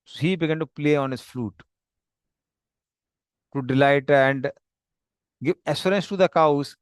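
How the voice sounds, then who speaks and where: A man narrating a devotional story slowly and plainly, pointing to slides as he goes. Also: fairly high pitch, clear, resonant tone, dry recording, clean studio sound. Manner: slow, plain, explanatory with pauses.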